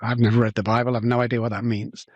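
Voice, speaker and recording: A man's voice: medium pitch, little pitch movement, fast, darkish tone, dry recording, lo-fi sound. A middle-aged man with a Manchester English accent, a podcast guest telling his life story with animation and acting out the dialogue. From England. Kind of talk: personal storytelling in an interview.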